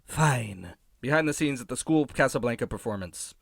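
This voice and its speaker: A man hosting a comedic episode recap, sarcastic and profane with deadpan asides. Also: mid-range voice, fast talker, no room sound, clean studio sound. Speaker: host.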